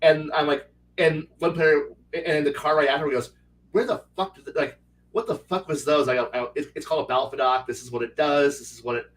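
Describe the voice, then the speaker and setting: A man in casual chat who tells stories from running his tabletop game. He rambles and restarts often, slipping into quick voices for his players. His voice sits a little high and sounds somewhat distant from the mic. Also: steady tone, slight background noise. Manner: rambling, many restarts, acts out players' lines. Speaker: game master.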